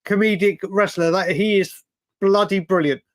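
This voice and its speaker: A man hosting a casual livestream chat, excitable, often laughing and repeating himself. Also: high voice, moderate pace, no room sound. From United Kingdom. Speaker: livestream host.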